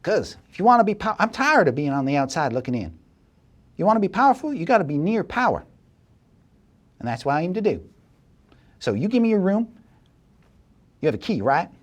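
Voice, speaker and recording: Pushy scheming blackmailer woman, voiced by a man, higher than his own voice, bossy and demanding. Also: big pitch swings, brisk, pauses often.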